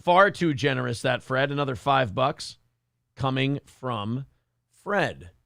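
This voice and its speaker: A man's voice: medium pitch, animated, takes it slowly, gravelly, sharp tone, no echo, clean studio sound. A man hosting a morning show, reading live chat aloud in a crude, joking, self-mocking way. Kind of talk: casual profane chat.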